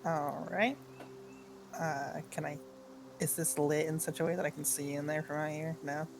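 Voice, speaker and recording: A woman's voice: low voice, flat delivery, moderate pace, faint music behind. A woman playing in a tabletop game, asking questions and making blunt, dry remarks. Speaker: player.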